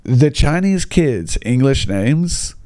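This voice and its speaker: A man's voice: mid-range voice, big pitch swings, slow, warm tone. Sarcastic American man ranting. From United States. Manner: exasperated, sarcastic, acts out voices of kids and parents. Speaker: English teacher. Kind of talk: stand-up style comic rant.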